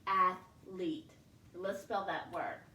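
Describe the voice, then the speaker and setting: A woman teaching a second grade phonics lesson, slowly sounding out syllables in a clear teacher voice. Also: fairly low pitch, steady tone, sharp tone, roomy sound, slight background noise.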